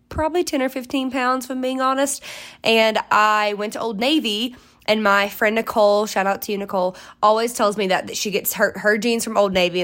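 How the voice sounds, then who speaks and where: Woman, 20s, podcast host; chatty, rambling, upbeat, mid-pitched. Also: a bit bright. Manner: chatty, rambling, self-interrupting; upbeat, encouraging, gushing. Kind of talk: casual solo chat.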